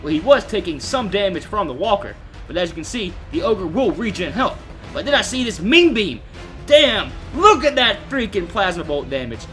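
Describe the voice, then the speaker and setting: A man's voice: high-pitched, very animated, moderate pace, fairly bright tone, faint music behind. A young man hosting a gaming channel, giving casual, jokey, profane gameplay commentary to his viewers.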